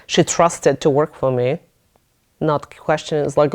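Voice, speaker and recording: A woman's voice: deep voice, a little slow. A woman hosting a podcast in casual interview talk, telling stories with lots of animation and frequent laughs. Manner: animated storytelling, laughing often; acts out her own thoughts in a raised voice. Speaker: podcast host.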